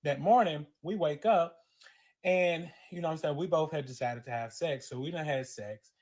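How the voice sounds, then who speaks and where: A man's voice: on the high side, normal speed, a little mellow. Emotional Southern man telling a story. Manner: dramatic retelling with quoted voices, grows tearful. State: crying. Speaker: storyteller recounting a personal story.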